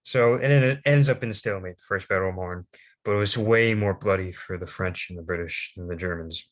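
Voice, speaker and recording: A young man presenting history slides off the cuff, halting often with fillers and restarts. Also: sits low.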